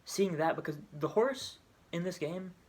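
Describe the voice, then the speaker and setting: A man's voice: high-pitched, lively intonation, a little slow. A man casually retelling a video game story, rambling, restarting and correcting himself as he goes. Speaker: video creator.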